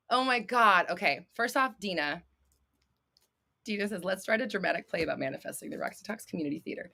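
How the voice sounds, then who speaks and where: A woman's voice: medium pitch, animated, fairly quick, creaky, a bit bright. A woman in her thirties hosting a livestream, answering viewers' questions with blunt, swearing, dramatic outbursts and laughter. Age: 30s. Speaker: host.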